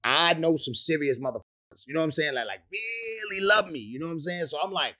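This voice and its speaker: A man's voice: on the high side, lively intonation, quick pace, sharp tone. A man, a rapper telling stories in an interview, profane and laughing often. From the Bronx, New York. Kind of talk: animated storytelling in an interview.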